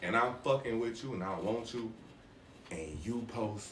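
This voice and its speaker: A man's voice: on the low side, normal speed, a bit bright, a little hiss or hum. A man teasing and stammering playfully in a casual podcast chat. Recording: echoey room, far from mic.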